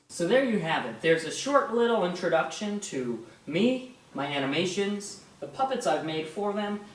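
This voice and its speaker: In an echoey room at home full of posters and puppets, a young puppet animator gives a casual, enthusiastic tour of his work. His voice is on the high side and a bit bright, and he's playful and rambling.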